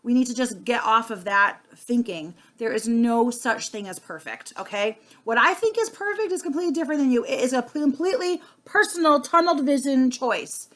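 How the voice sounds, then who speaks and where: A woman in her thirties speaks in an unscripted, casual monologue. Her voice sits slightly high for a woman. She is earnest and chatty, full of "um" and "like", often restarting her sentences. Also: expressive, fairly quick, hardly any pauses, fairly bright tone. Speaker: sales consultant vlogger.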